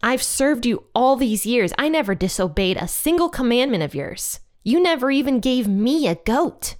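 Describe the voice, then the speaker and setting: A woman voicing an indignant older brother complaining bitterly in a retold parable, her clear voice lifted a little higher. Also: sing-song, normal speed, a little mellow. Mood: resentful. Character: indignant resentful older brother, young man.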